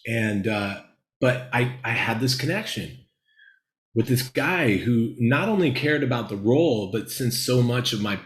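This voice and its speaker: A man's voice: medium pitch, unhurried, roomy sound, low-quality recording. A man from Los Angeles, a guest screenwriter, telling candid, rambling stories in an interview. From Los Angeles, USA. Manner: animated, rambling, laughs while telling stories.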